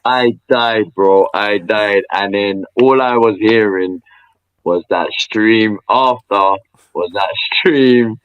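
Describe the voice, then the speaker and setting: A man co-hosting a casual sports podcast, telling stories in an animated way. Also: lowish voice, slow pace, smooth, muffled recording. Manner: animated storytelling. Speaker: podcast co-host. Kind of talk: casual chat.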